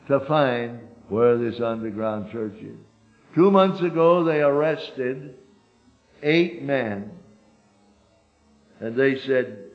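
Older preacher, emphatic sermon. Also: male voice, lively intonation, a little slow. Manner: emphatic storytelling, swings from loud urgent peaks to low quiet asides. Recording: dull lo-fi recording.

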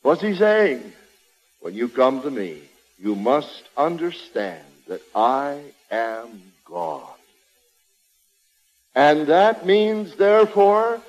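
A man preaching a sermon with an emphatic, repetitive cadence. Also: on the high side. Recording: long reverb of a large hall.

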